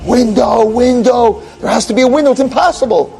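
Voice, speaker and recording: A man voicing a frantic blind old hospital patient who shouts in a high, panicked voice. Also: fairly quick, vocal fry, faint music behind.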